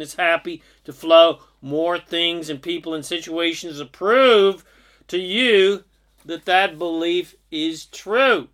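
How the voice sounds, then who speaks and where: A man giving an earnest, sermon-like spiritual talk, drawing out his phrases slowly. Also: high-pitched, fairly bright tone. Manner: slow, earnest, sermon-like delivery with drawn-out phrases. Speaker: spiritual speaker. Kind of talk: inspirational monologue.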